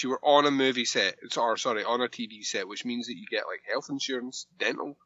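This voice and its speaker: A man's voice: medium pitch, fast talker, sharp tone, dry recording, highs cut off. A man co-hosting a podcast, recapping an episode with jokes and mock indignation. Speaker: podcast co-host.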